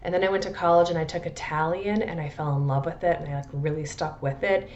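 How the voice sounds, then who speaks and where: A woman's voice: low-pitched, fairly even intonation, fast, a little mellow, lo-fi sound, a little hiss or hum. An American woman from the Midwest with a Midwestern accent, chatting casually and rambling a little as she reviews perfumes. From Midwest USA. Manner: chatty, rambling, self-deprecating, frequent restarts. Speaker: perfume vlogger.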